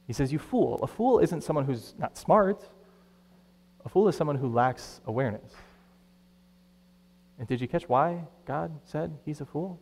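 Animated pastor in an echoey hall. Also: male voice, fairly high pitch. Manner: conversational, animated, acts out quoted voices. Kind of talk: sermon.

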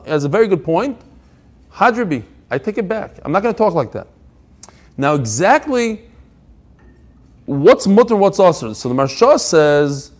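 Animated man teaching a Talmud class. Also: on the high side. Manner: animated, emphatic, mixing Hebrew-Aramaic quotes with English explanation.

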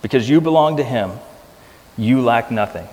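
A man's voice: medium pitch, animated, moderate pace, darkish tone. A man preaching a sermon as pastor, earnest and emphatic, often repeating key phrases for weight. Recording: long hall reverb.

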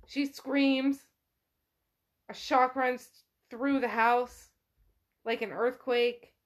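A woman's voice: high-pitched, fairly even intonation, very slow. A woman podcast host casually retelling a novel chapter by chapter, peppering her speech with "like". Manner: chatty, peppered with "like".

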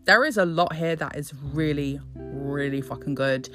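Low-voiced woman ranting casually, sarcastic and sweary, faint guitar in the back. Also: normal speed, a bit bright. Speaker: vlogger commenting on politics. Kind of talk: casual chat.

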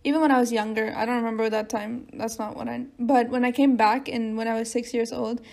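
A woman with an American accent who grew up in Nigeria, chatting as a podcast co-host in a halting way and quick to laugh. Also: on the high side, fairly even intonation, vocal fry, a little mellow. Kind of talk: casual chat.

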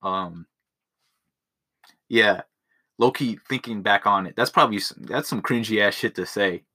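A man's voice: on the low side, brisk, sharp tone. A young man hosting a podcast alone at home, rambling crudely with lots of swearing and self-mocking jokes, recorded on a phone. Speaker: podcast host. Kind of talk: casual solo podcast monologue. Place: at home in his room.

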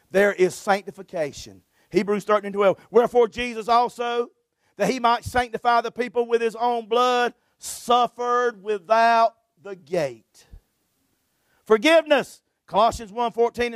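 High-voiced fervent male preacher. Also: dry recording, clean studio sound. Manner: fervent, punctuates phrases with "amen" and chuckles. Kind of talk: sermon.

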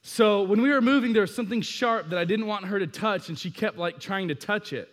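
Young man, youth preacher, casual storytelling sermon, high bright voice, animated swings in volume. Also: fairly quick, big-room sound. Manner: animated, swings from hushed asides to loud bursts.

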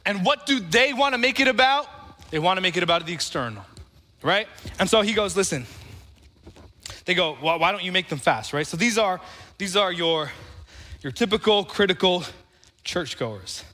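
A man's voice: high voice, animated, normal speed, pauses often, bright, forceful tone, long reverb tail. A man preaching a sermon as pastor, talking conversationally and calling on the congregation to answer back.

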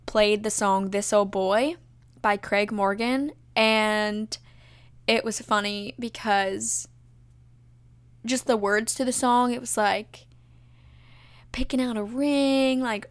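A woman's voice: mid-range voice, clear, resonant tone. A young woman telling her engagement story in a casual, gushing way, full of fillers and close to tears. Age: young adult. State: tearful. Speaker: vlogger.

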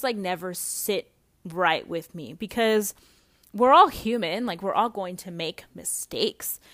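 A woman's voice: medium pitch, a bit bright, no echo. A young adult woman hosting a podcast in a casual monologue, chatty and blunt, swearing freely and peppering her talk with "like.". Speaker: podcast host.

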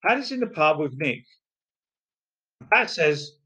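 Lively-voiced narrator reading pub jokes. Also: mid-range voice, takes it slowly, husky. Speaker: joke teller.

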